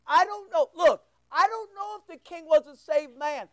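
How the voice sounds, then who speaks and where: High-voiced impassioned preacher. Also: normal speed, few pauses, dry recording. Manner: impassioned and emphatic, swinging between loud and hushed. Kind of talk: sermon.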